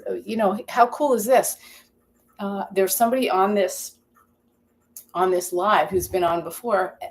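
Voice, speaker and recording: A woman's voice: mid-range voice, a little mellow. A woman hosting a live cooking stream from her home kitchen, chatting casually, rambling and reading viewer comments aloud. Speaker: cooking channel host.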